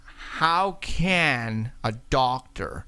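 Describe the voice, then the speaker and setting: A male host in casual chat, asking his guest questions in halting, restarting phrases and turning to the viewers. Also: mid-range voice, sing-song, pushed and bright, clean tone.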